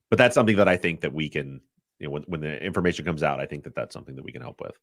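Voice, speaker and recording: A man hosting a casual podcast discussion, talking in a halting way, often repeating words and getting choked up. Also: extremely low pitch, expressive, gravelly, dry recording, studio quality. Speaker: podcast host.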